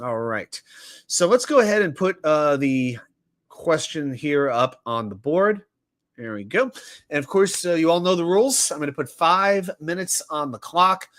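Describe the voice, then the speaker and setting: Lively animated sports talk host. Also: male voice, a little high, measured pace. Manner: animated, reads viewer chat aloud and jokes. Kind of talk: casual live-stream chat running trivia.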